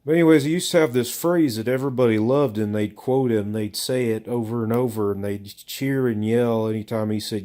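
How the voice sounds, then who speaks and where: A man's voice: mid-range voice, fairly even intonation, brisk, hardly any pauses, warm tone. A man from the American South, a comedian telling a rambling, profane, self-mocking story to camera with lots of filler. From Southern United States. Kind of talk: rambling casual monologue.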